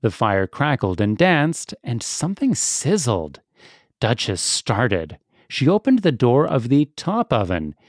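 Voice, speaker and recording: A man narrating a children's audiobook with expressive storytelling. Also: mid-range voice, takes it slowly, no room sound, studio quality.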